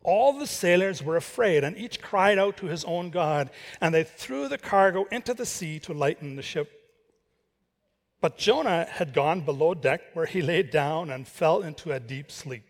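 A man's voice: a little high, lively intonation, moderate pace. A man preaching a sermon, reading scripture and wandering into chatty asides with self-corrections. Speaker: pastor. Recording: reverberant hall.

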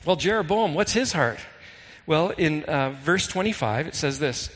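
A man's voice: fairly high pitch, animated, a bit bright. Earnest male pastor in a reverberant hall. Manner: earnest, reads scripture slowly and dramatically. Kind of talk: sermon.

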